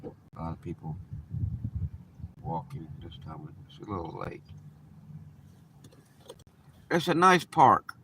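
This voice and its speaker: A man's voice: deep voice, big pitch swings, slow, pauses often. A man chatting casually and profanely while he drives, rambling and joking. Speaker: livestream host. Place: in a car, then a park. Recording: distant mic with loud road noise.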